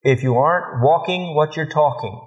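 A middle-aged man preaching in a folksy, storytelling way, with a voice pitched a little high for a man. The recording is dull and muffled. He acts out conversations with his children as he preaches. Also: moderate pace. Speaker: pastor. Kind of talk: sermon.

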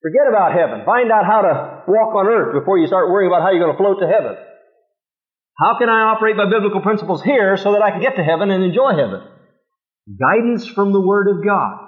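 A man's voice: sits high, expressive, fast. A male pastor preaching a sermon, reading scripture aloud and pressing his listeners with emphatic rhetorical questions. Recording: tinny lo-fi sermon tape.

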